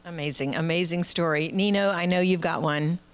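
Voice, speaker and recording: A woman's voice: fairly low pitch, normal speed, clean tone. A woman hosting a Christian talk show, affirming her guests and asking for their stories. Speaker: host.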